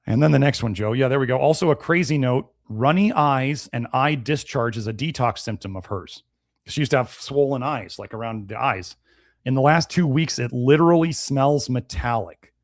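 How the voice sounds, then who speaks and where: A man hosts a nutrition live stream, talking bluntly and casually as he answers viewer comments. His voice sits at a middle pitch. The sound is dry and close. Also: moderate pace, dry recording. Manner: blunt, conversational, animated. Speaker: nutrition show host.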